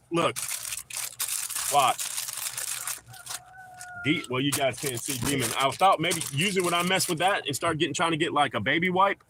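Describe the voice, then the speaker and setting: A livestream host with a North Carolina accent, though not actually from North Carolina, rambles and jokes from his home with dogs, swearing plenty. His voice is fairly high, pushed and bright, with slight background noise.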